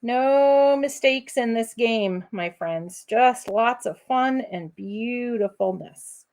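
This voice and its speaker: A woman hosting a live crafting demo in an unhurried, chatty way. Her voice sits slightly high, and she keeps encouraging viewers as her friends. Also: darkish tone. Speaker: crafting host.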